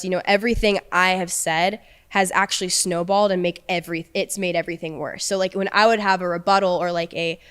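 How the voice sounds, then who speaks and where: A young woman guest on a podcast, telling a personal story in an earnest, halting way with many restarts. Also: on the low side, clean tone.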